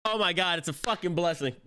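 A young man hosting an anime reaction video, talking in excitable, slangy, profane bursts, often laughing and yelling. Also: high voice, clean tone. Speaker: anime reaction channel host.

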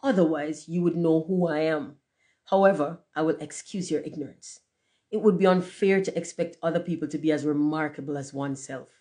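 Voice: medium pitch, a little fast, dark tone, natural voice. A reader doing a haughty, self-important firework rocket. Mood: pompous. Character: pompous conceited firework rocket.

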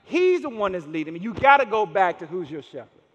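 A man's voice: high voice, very animated, brisk. A man pastor preaching a sermon in a church, speaking emphatically and repeating key phrases for emphasis. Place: church sanctuary. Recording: long reverb in a large church hall.

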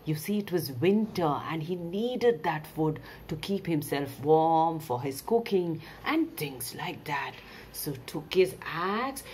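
A woman storyteller telling a folk tale to her listeners in an expressive way, with questions to them. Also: sits low, takes it slowly, husky. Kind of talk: storytelling narration.

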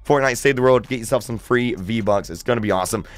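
A man's voice: medium pitch, quick pace, dry recording. Chatty young man vlogging gaming news. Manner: chatty, excitable, filler-heavy. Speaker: gaming YouTuber. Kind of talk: casual gaming news vlog.

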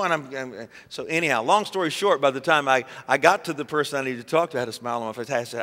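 A middle-aged man with a Southern US accent, a pastor telling a story in a sermon, conversational and animated, leading the congregation in call-and-response. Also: mid-range voice, fast talker, few pauses. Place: church sanctuary. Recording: long church reverb.

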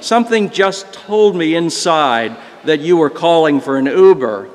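An older man putting on a friendly young driver, cheerful and eager, his voice jumping up high and bright as he calls out. The sound rings with long church reverb. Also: very animated, a little slow. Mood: excited.

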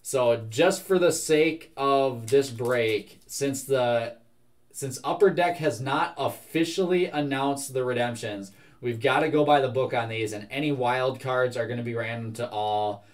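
A young man running a live card break, rattling off trading cards at a steady clip. His voice sits at an ordinary middle pitch, and he keeps the talk relaxed and chatty between the cards. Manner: brisk, reads out card after card.

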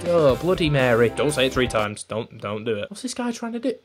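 Young man, football game commentary, lively swooping pitch, faint music underneath. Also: normal speed, few pauses. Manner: self-mocking, bursts into loud excited yelling. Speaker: gaming YouTuber. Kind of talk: casual gameplay commentary.

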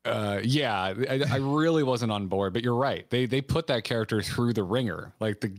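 A man's voice: medium pitch, no room sound. Joking man host, dry close mic. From United States. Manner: joking, laughs easily, halting restarts. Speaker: podcast host. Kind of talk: casual podcast chat.

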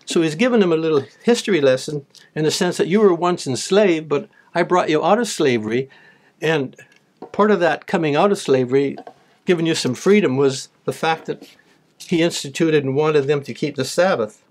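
Male preacher, pitch a touch high, reads verses then explains them plainly. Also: normal speed. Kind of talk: sermon with scripture reading.

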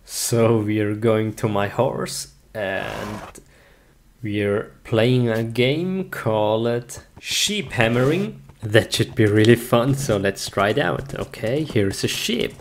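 A man's voice: on the low side, takes it slowly, slight background noise. A man in a comedic skit casually narrating his actions as a game player, with frequent giggles.

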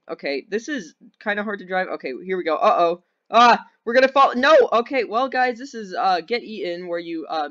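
A young man giving casual, rambling commentary over gameplay, easily excited and giggly. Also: sits high. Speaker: gaming video host. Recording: dull lo-fi sound.

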